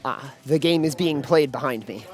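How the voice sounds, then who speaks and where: A man doing live play-by-play commentary at a gaming event, excitable and full of fillers and restarts. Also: mid-range voice, moderate pace. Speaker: esports commentator.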